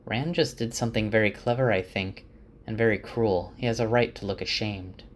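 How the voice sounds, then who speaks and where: A man's voice: on the low side, fairly even intonation, normal speed, slight background noise, natural voice. A man voicing a fretful young woman. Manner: fretful, repeating herself. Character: earnest young woman, quick to fret.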